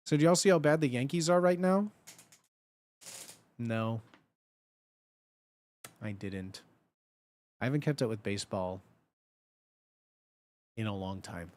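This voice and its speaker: A man's voice: medium pitch, slow pace, pauses often, a little mellow. A man in his thirties chatting casually on a livestream, blunt and profane, and laughing often.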